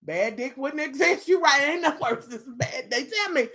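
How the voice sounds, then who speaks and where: A woman's voice: sits high, lively intonation, moderate pace, a bit bright. A woman hosting a casual live stream, chatting in a sassy, bawdy way with laughing asides to her viewers.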